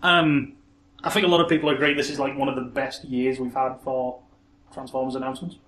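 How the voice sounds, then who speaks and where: A man co-hosting a casual chat about toys, excitable and quick to laugh. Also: medium pitch. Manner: excitable, laughs often, repeats words for fun. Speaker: podcast co-host. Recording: echoey room with faint hiss.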